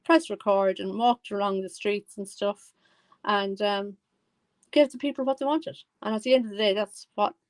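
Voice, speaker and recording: A woman chatting through a live reaction stream. Her voice sits at a middling pitch, and she talks in a loose, rambling way, often catching and correcting herself mid-thought. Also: fairly even intonation, moderate pace, no echo. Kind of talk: casual commentary.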